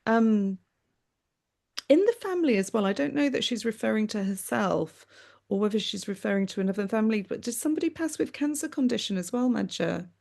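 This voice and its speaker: A woman medium on a video call, giving a live reading in a gentle, affectionate way. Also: fairly high pitch, expressive, brisk, vocal fry. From United Kingdom. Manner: gentle, affectionate, often says "my darling" and "that's what I'm aware of".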